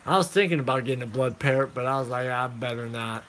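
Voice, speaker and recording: A man chatting casually to viewers about his fish in a relaxed, rambling way, talking into a phone and calling everyone man and dude. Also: mid-range voice, very fast, slight background noise. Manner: laid-back, rambling, calls listeners man and dude. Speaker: aquarium hobbyist vlogger.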